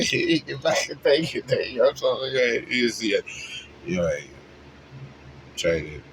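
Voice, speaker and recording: A man rambling through a spiritual monologue, preachy and full of rhetorical questions, jumping from low mumbles to high loud bursts. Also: measured pace, slight background noise, low-quality recording.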